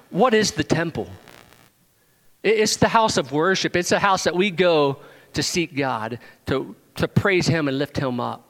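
A male pastor preaching with animated energy, his voice climbing into emphatic questions and teasing the congregation by name. His voice sits somewhat high for a man, and a long hall reverb trails each phrase. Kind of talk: sermon.

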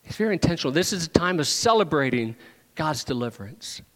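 A man preaching a sermon in a church, emphatic, rising to loud proclamations and dropping to hushed asides. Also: fairly high pitch, sing-song, fast talker. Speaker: pastor. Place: church sanctuary. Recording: long hall reverb.

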